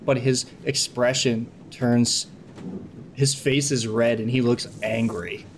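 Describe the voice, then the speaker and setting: A man narrating as game master, lively and quick to laugh. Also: mid-range voice, a little hiss or hum.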